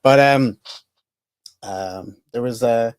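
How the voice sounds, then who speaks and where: A man's voice: medium pitch, takes it slowly, clean tone, dry recording. A middle-aged Irish man chatting as a podcast guest, rambling and self-interrupting with dry humour. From Ireland. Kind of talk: casual interview chat.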